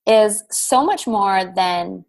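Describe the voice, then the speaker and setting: A woman's voice: medium pitch, animated, takes it slowly, creaky. A young woman guest on a podcast, upbeat and giggly in casual chat.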